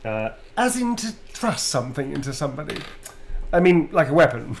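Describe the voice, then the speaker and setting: A man's voice: a little high, sing-song, a little fast, vocal fry. A man signing autographs on a livestream, chatting in a playful, easygoing way and laughing easily. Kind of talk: casual live chat.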